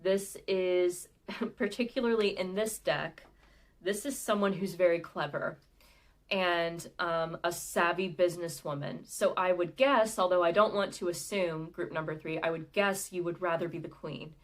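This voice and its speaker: Gentle chatty woman reading tarot cards. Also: on the low side, unhurried. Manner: chatty, gentle and intuitive, with frequent "like" and "um". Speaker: tarot card reader. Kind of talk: live pick-a-card reading.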